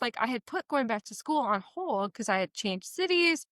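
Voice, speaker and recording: A woman in her forties, a podcast guest, telling a story in casual chat, animated and laughing often with many fillers. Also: fairly high pitch, a little fast, no room sound, clean studio sound. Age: 40s.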